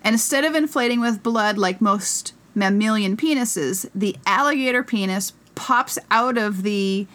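A woman's voice: medium pitch, a bit bright. A woman co-hosting a casual comedy podcast, reading an article aloud in a joking way and stumbling over hard words. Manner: reads aloud haltingly, stumbling on words, jokey. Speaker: podcast co-host.

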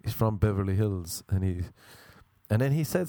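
A man's voice: fairly low pitch, normal speed, no room sound. Chatty young man telling a story. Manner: animated, mimics people, rambling asides. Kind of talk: casual comic storytelling.

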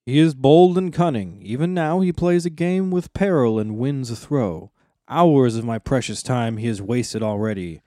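A stern old wizard rebukes a traitor in a loud, commanding voice, as a man reads him aloud. The tone is dark and firm, recorded close and dry. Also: medium pitch, expressive, normal speed, no echo, close to an everyday voice. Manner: commanding, accusing.

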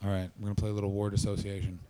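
A man's voice: lowish voice, completely flat delivery, rapid-fire, mellow, a little hiss or hum. A man doing stand-up crowd work, brash, profane and teasing. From Canada. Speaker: stand-up comedian.

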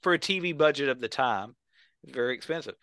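A man's voice: mid-range voice, expressive, fairly quick, fairly bright tone, dry recording. A man on a podcast, telling a story with enthusiasm and acting out the quotes. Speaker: podcast co-host. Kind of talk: casual chat.

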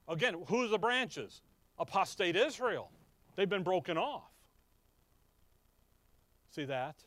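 In a dry recording, a man preaches a sermon, repeatedly putting questions to the congregation and answering them himself. His pitch swings widely as he slows on key words and moves from loud, emphatic bursts to quiet, low asides.

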